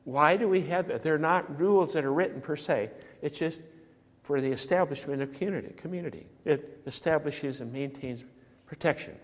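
Pastor guy giving a sermon, kinda high voice, chatty, asks the crowd questions, long church echo. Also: normal speed. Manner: conversational, asks the congregation rhetorical questions. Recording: church sanctuary with long reverb.

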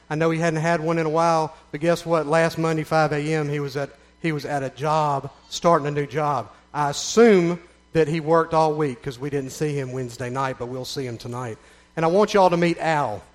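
A middle-aged man with a Southern American accent tells his story to a gathering in an earnest, folksy way. His voice sits a little high for a man, and he stacks repeated phrases into emphatic runs. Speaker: speaker giving a testimony. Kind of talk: spoken testimony to a gathering.

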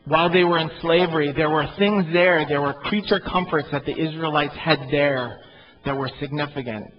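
Animated male preacher, dull recording. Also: fairly high pitch, normal speed. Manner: animated, rising to loud emphatic peaks. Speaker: pastor. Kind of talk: sermon.

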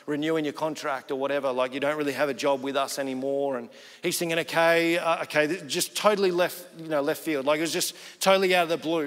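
A man's voice: fairly high pitch, in a large hall. A pastor preaching a sermon, telling stories in a conversational way and acting out the people he quotes.

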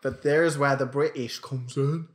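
A man's voice: medium pitch, steady tone, unhurried. A man co-hosting a casual comedy podcast, telling stories with a playful manner and slipping into put-on accents. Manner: storytelling, playful, puts on accents. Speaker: podcast co-host.

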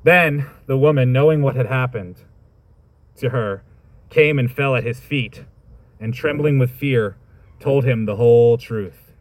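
A man's voice: mid-range voice, measured pace, no room sound. A man preaching a sermon, reading scripture and reflecting on it in a thoughtful, conversational way with informal asides.

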